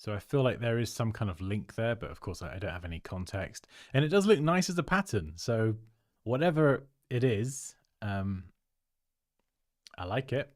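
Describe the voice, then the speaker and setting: A man's voice: fairly low pitch, big pitch swings, moderate pace, no echo, studio quality. A man hosts a livestream, giving chatty, upbeat feedback on viewers' design work and laughing often. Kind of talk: casual livestream commentary.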